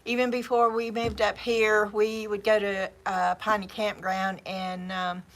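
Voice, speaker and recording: A woman's voice: mid-range voice, little pitch movement, unhurried. A woman with a Southern US accent, hosting a livestream in a rambling, chatty way with repeated words and laughs. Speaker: livestream host. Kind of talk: casual chat. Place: home craft livestream.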